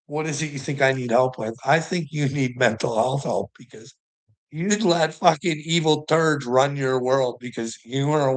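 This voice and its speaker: A man's voice: on the high side, fairly bright tone, low-quality recording. A man ranting in a profane, mocking monologue, swearing constantly and laughing between jabs. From Canada.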